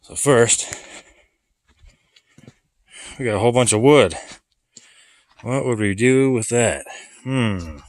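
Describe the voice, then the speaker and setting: A man's voice: medium pitch, takes it slowly, pauses often, no echo. A man casually showing his building project outdoors, a little out of breath, rambling and joking about himself. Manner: relaxed, self-deprecating, rambling. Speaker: vlogger builder. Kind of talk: casual walkthrough vlog.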